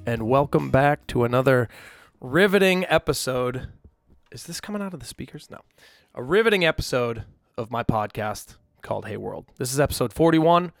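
Young guy rambling on his solo podcast, gravelly voice, dry close mic, talks to himself in his room. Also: medium pitch, expressive, moderate pace, no room sound, faint music behind. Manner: rambling, self-deprecating, chatty asides. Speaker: podcast host. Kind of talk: casual solo podcast chat. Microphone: studio microphone.

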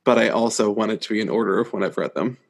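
A man's voice: on the low side, fast talker, gravelly. A man co-hosting a casual book chat, chatty and laughing often. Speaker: podcast co-host.

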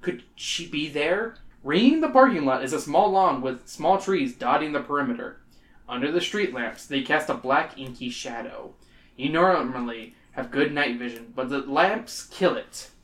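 A man reads a choose-your-own-adventure story aloud to a group of friends, breaking off now and then for joking asides. His pitch swings in a lively, expressive way. The room around him sounds roomy and echoey. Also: normal speed. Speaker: game reader. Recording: roomy echo.

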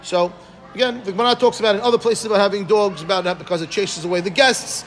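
A man's voice: high voice, soft background music. A man teaching a Talmud class, reading Aramaic and explaining it phrase by phrase in English, often checking with listeners. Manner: quick, animated, asks listeners "right?".

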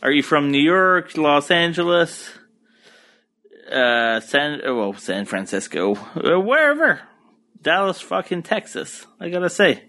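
His voice sits high and sing-song, slow, pushed and bright. The young podcast host, an Acadian French speaker from Moncton in eastern Canada's New Brunswick, talks alone from his home couch, rambling along crudely, profanely and easygoing.

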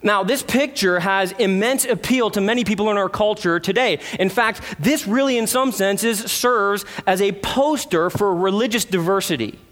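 A man preaching a sermon, earnest, with rhetorical questions and dramatic pauses. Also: high voice, a bit bright. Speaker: pastor.

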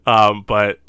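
A man's voice: lowish voice, a bit bright, clean tone, dry recording, studio quality. A man co-hosting a podcast, recapping a horror film in casual chat, laughing often and acting out quoted lines. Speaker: podcast co-host.

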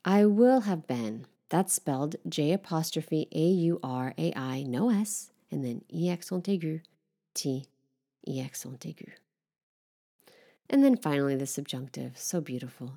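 Low gravelly woman teaching French. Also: animated. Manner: gentle, unhurried, spells words letter by letter. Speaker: French teacher and podcast host. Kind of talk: relaxed podcast language lesson.

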